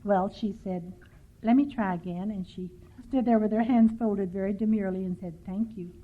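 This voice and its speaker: A woman's voice: medium pitch, fairly even intonation, normal speed. An older woman from Texas speaking at a recovery workshop, telling stories with dry, self-mocking humor. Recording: tinny lo-fi 1990s tape.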